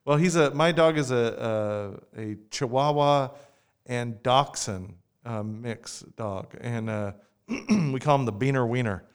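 Playful man with a smooth voice. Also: mid-range voice, slow pace. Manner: playful, joking, laughs often. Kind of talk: casual chat.

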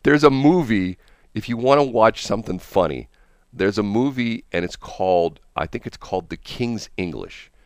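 Deep-voiced older male radio host. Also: lively intonation, normal speed, no room sound, clean studio sound. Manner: rambling, chuckling, anecdotal. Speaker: radio morning show host. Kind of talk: casual on-air chat. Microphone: studio broadcast mic.

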